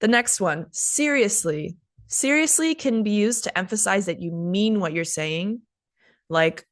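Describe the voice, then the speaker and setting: A woman's voice: mid-range voice, animated, measured pace, dry recording, clean studio sound. A young American woman hosting a casual spoken English lesson in a chatty way. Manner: chatty, acts out example phrases with big swoops. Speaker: English teacher and host.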